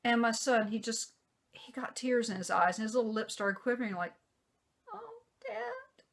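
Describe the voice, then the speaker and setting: A woman's voice: a little high, brisk. A woman vlogger telling a personal story in a casual way, acting out what other people said. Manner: animated, acts out quoted voices.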